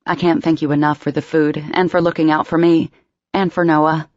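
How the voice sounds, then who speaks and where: A woman reading the lines of a shy, eager young woman in an audiobook, pitched higher than her narration. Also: flat delivery, a little fast, a little mellow, no echo, dull audio, natural voice.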